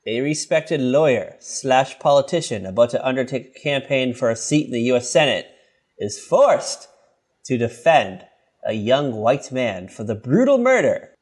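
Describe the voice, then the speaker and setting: A man's voice: mid-range voice, normal speed, slightly rough. A man in his thirties co-hosting a podcast, joking around in casual chat. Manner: playful, joking, lively. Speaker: podcast co-host.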